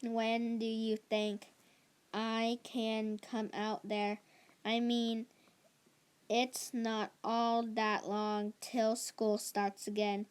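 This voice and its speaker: A woman reading aloud, voicing a hurt young girl who is pressing her mother, in a slow, halting delivery. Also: on the high side, flat delivery, smooth.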